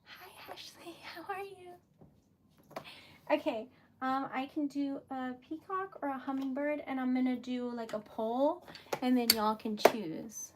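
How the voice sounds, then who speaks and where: Young woman, high bright voice, casual livestream host, chatty and self-encouraging. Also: steady tone, measured pace, noisy background. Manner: chatty and self-encouraging, drops to a whisper when concentrating. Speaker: livestream host making wax seal stickers.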